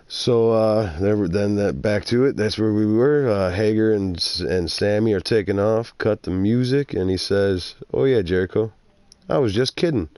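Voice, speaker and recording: A man's voice: fairly low pitch, no room sound. A man co-hosting a podcast, casually recapping a wrestling show, swearing and acting out quotes. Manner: animated, swears, acts out quotes. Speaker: podcast co-host. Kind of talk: casual wrestling review chat.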